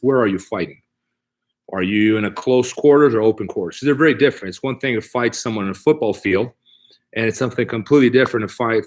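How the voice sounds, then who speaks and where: A middle-aged man teaching a live online martial arts class, explaining techniques step by step and checking in with "right?" as he demonstrates. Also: medium pitch. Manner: explanatory, repeats key points with "right?". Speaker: jiu-jitsu instructor.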